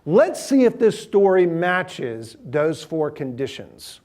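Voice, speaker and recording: A man's voice: fairly high pitch, sing-song, slow pace, a little mellow. A middle-aged man, giving a sermon in a conversational, humorous storytelling manner and asking the audience questions.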